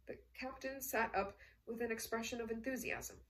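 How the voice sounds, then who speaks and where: Woman narrating a novel, a bit high. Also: brisk, few pauses, a bit bright, far from the mic, low-quality recording. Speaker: audiobook narrator. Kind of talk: scripted narration.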